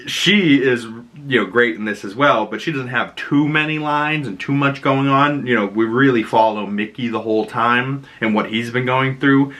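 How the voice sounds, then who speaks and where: A man's voice: medium pitch, a bit bright. A young man casually reviewing a movie, chatty and rambling, laughing at his own jokes.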